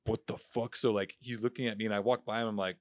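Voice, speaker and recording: A young male podcast co-host tells a story in casual conversation, his fairly low voice racing along. He swears freely and animatedly acts out what everyone said, captured in a clean studio with no room sound.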